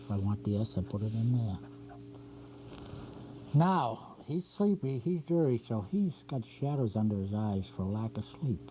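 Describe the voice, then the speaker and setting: A man's voice: fairly low pitch, lively intonation, moderate pace. Man teaching cartooning on lo-fi public-access tape. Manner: chatty, narrates each stroke as he draws. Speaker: drawing instructor and show host. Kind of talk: step-by-step drawing lesson. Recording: dull 1990s community TV tape with faint hum.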